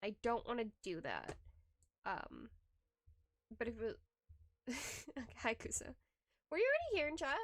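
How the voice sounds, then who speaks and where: A woman's voice: a little high, wildly swooping pitch, measured pace, long pauses, a bit bright, no room sound. A young adult woman livestreamer chatting casually with her viewers, rambling, laughing often and restarting her sentences, close to a desk microphone. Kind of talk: casual stream chat reading chat.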